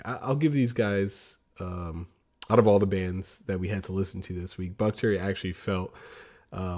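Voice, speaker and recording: A male podcast co-host ranting bluntly in casual chat, heavy on sarcasm and swearing. He stumbles through his sentences with repeated restarts. His voice is low-pitched and mellow. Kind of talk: casual album review chat.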